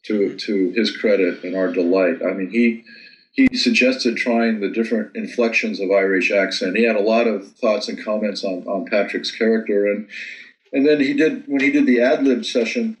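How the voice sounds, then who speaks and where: A man's voice: lowish voice, normal speed, echoey room, rough recording. A man with an American accent, a filmmaker talking casually in an interview, often repeating words as he thinks. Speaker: filmmaker guest.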